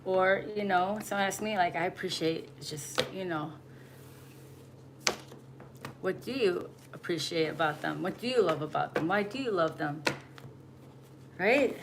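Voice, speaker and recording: A woman's voice: lowish voice, moderate pace. A woman giving a spiritual message in a casual livestream, blunt and preachy, swearing freely. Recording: noisy home recording.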